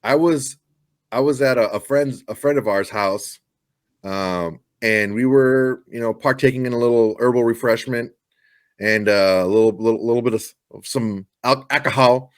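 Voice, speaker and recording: A man's voice: mid-range voice, normal speed, no room sound, clean studio sound. A man co-hosting a podcast, chatting casually and telling joking stories. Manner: joking storyteller, puts on silly voices in anecdotes. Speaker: podcast co-host. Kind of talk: casual chat.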